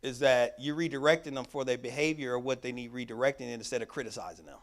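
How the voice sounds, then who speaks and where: A man gives a teaching workshop to a church audience at a quick pace in a medium-pitched voice. He talks in an emphatic, repetitive preaching cadence, using casual, conversational grammar.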